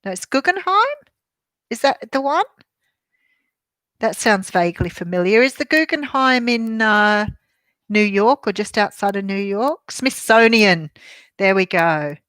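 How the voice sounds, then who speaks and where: A woman's voice: medium pitch, lively intonation, measured pace, long pauses, fairly bright tone, no echo. Older aussie lady chatting on a live stream, bubbly, lots of laughs and ums, dry close sound. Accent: Australian. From Australia. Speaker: tarot reader hosting a live stream. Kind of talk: casual live-stream chat reading viewer comments.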